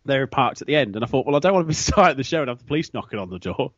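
A man's voice: mid-range voice, very animated, racing, fairly bright tone, no echo. A man co-hosting a podcast, chatting casually in a rambling, teasing way. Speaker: podcast co-host. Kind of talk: casual chat. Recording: dry, dull lo-fi recording.

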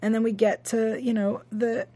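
A woman's voice: fairly high pitch, level tone, mellow, no room sound. Chatty woman co-host, dry studio sound. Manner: chatty, halting with many fillers and restarts. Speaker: co-host of a TV after-show. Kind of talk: casual chat recapping an episode.

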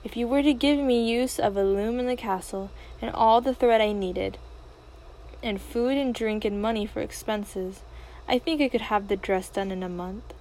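A sly old merchant with a showman's flattering patter, as a woman reading a storybook puts him on. He talks in a light, lively way. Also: a little high, normal speed, slight background noise, lightly acted, rough recording. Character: sly smooth-talking old male merchant.

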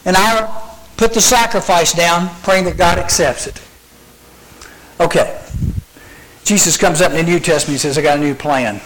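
A man preaching to a youth gathering, acting out scenes as he goes. His voice sits fairly high, and he keeps tossing out rhetorical questions. There is a faint hum of background noise behind him. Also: fairly even intonation, normal speed, pauses often, fairly bright tone, low-quality recording. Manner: dramatic storytelling with rhetorical questions; acts out scenes with a live demonstration. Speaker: youth speaker. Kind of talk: youth sermon.

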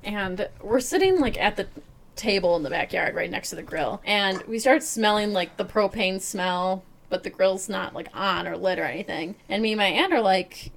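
A woman's voice: medium pitch, normal speed, vocal fry, fairly bright tone. Chatty young woman, casual storytelling. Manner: chatty, filler-heavy storytelling. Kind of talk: casual chat.

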